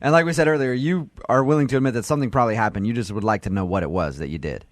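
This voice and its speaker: A man's voice: mid-range voice, rapid-fire, dry recording, clean studio sound. A man hosting a morning radio show, playful and teasing, laughing often as he talks to callers. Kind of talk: morning radio prank-call chat.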